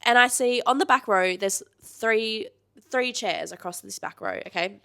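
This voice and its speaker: A woman's voice: a little high, vocal fry, sharp tone. A woman co-hosting a podcast, chatting casually and telling a story from her job. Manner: conversational, quick interjections. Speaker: podcast co-host, trip manager.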